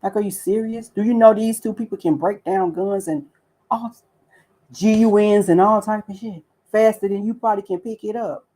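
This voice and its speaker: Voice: medium pitch, fairly even intonation, moderate pace, warm tone, rough recording. A livestream host giving casual commentary, ranting with profanity and repeated rhetorical questions, and greeting viewers by name between points.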